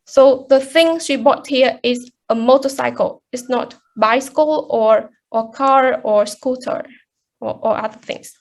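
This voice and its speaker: A woman's voice: sits high, measured pace. A woman explaining stress in a class presentation, with frequent restarts. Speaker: student presenter.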